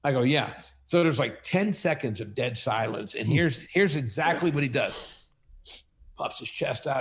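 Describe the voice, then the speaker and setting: A man's voice: medium pitch, normal speed. A man, a company CEO, telling stories as a podcast guest and acting out the dialogue in them. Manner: animated, acts out dialogue in stories. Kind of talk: casual storytelling interview.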